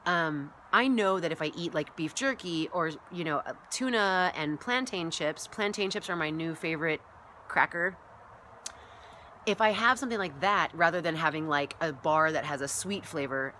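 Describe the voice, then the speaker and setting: Woman wellness-coach vlogger, low and bright, chatty and animated, faint noise behind. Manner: rambling and chatty, full of "like" and "you know"; animated, acts out her own past thoughts. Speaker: massage therapist and wellness coach. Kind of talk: casual vlog monologue.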